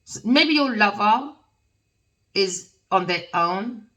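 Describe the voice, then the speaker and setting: A woman's voice: medium pitch, animated, slow, fairly bright tone, distant mic, low-quality recording. A woman giving a casual tarot reading, rambling and emphatic with plenty of slang. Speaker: tarot reader.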